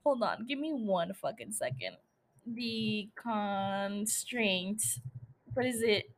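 A woman's voice: medium pitch, big pitch swings, normal speed, slight background noise. A young woman hosting a casual solo podcast, rambling, swearing freely and laughing at herself. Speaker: podcast host.

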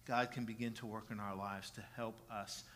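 A middle-aged man preaching a sermon as pastor, earnest, restarting phrases with repeated words and building from soft passages to loud emphatic ones. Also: on the low side, little pitch movement, normal speed. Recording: long reverb of a large hall.

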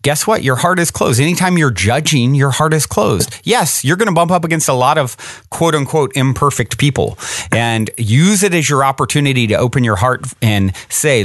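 A man's voice: mid-range voice, lively intonation, moderate pace, no echo. A man co-hosting a freewheeling spiritual conversation who talks with earnest, encouraging conviction. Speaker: podcast co-host.

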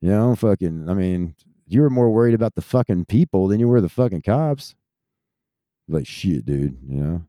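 A man's voice: sits low, expressive, moderate pace, dark tone, no room sound, studio quality. A man in his thirties who grew up in Texas, ranting casually in a rambling, profane stream. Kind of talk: casual rant.

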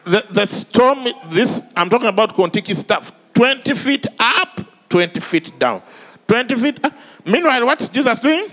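A man preaching an animated, comic sermon, swinging between shouts and hushed asides. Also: very high-pitched, normal speed, a little hiss or hum. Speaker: pastor.

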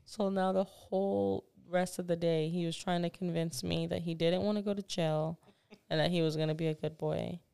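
Gravelly-voiced woman telling a story. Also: lowish voice, fairly quick, no room sound. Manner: animated storytelling, acts out voices, laughs often. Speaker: podcast co-host. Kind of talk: casual chat.

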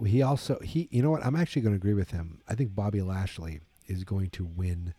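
A man talks in a low, deep, very dark voice that sounds a little husky. He rambles casually and tiredly, full of fillers and false starts. The recording is dry and close. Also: fairly quick, dry recording. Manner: rambling, lots of fillers and restarts. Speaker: wrestling podcast host. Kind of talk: casual solo commentary.

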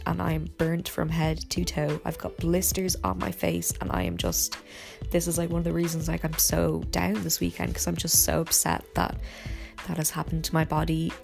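Low-voiced girl, sleepy and rambly, raspy fry, faint music under it. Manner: rambling, soft, many fillers and yawns. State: tired, low energy. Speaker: podcast host. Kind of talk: casual personal podcast monologue. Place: in bed at home.

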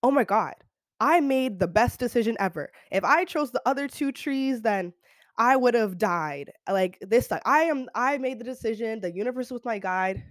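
A woman's voice: on the high side, animated, normal speed, no echo, close to an everyday voice. A young woman voicing a fretful, dramatic little bird in her own chatty, gushing way.

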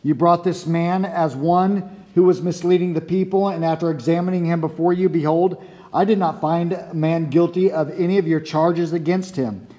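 A man reading the lines of a weary Roman governor, in a measured, plain way. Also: on the high side, steady tone, mellow, close to an everyday voice.

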